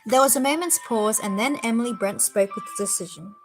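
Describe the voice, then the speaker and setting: A woman's voice: a little high, fairly quick, soft background music, poor audio. A woman reading a novel aloud on a stream, with chatty, self-mocking asides between passages. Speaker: reader.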